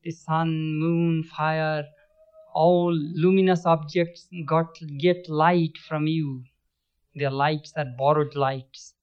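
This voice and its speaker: A man's voice: a little high, flat delivery, takes it slowly, clean tone. A man giving a spiritual lecture, telling stories, chanting verses and chuckling often. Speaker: spiritual teacher. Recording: dull lo-fi recording.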